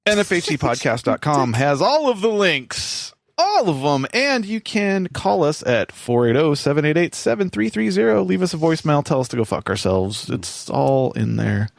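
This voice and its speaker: A man guesting on a podcast, joking and teasing in relaxed banter. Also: on the high side, normal speed, gravelly, few pauses, dry recording, studio quality. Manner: teasing, laid-back.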